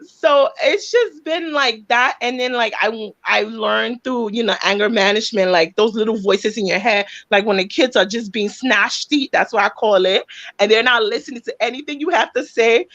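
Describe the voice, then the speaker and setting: A woman's voice: fairly high pitch, moderate pace, a bit bright, highs cut off. A single mother hosting a casual chat, telling stories animatedly and laughing often as she acts out her own voice. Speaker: single mom podcast host.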